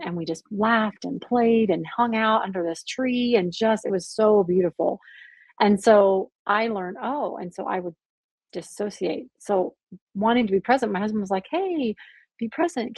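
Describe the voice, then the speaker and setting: A woman's voice: medium pitch, a little mellow, husky, dry recording. A married woman speaking as a podcast guest, talking candidly and earnestly in a casual, conversational way with lots of "like". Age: adult, married with children. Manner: earnest, candid, heavy use of "like". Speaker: guest, abuse survivor and author.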